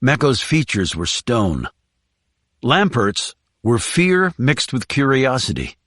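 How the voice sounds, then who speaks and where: Dry, measured male narrator. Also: mid-range voice, dry recording. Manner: measured, even storytelling. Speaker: audiobook narrator. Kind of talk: scripted narration.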